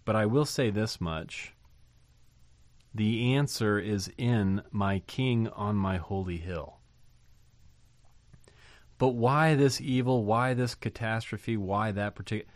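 Man preaching, emphatic, rhetorical questions, somewhat low voice, dry close sound. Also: unhurried, no echo. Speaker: pastor. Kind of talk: sermon.

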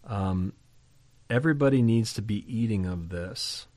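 A man's voice: fairly low pitch, measured pace, mellow, dry recording. Emphatic man preaching a sermon. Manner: conversational, emphatic, asks the listeners questions. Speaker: pastor.

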